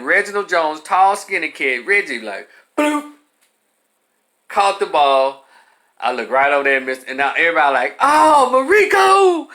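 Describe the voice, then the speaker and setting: Memphis guy in his 50s, bright kinda high voice, tells stories all animated then gets low and serious. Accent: Memphis Southern US. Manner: animated storytelling, drops to low earnest tone. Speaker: commentator. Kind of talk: storytelling monologue.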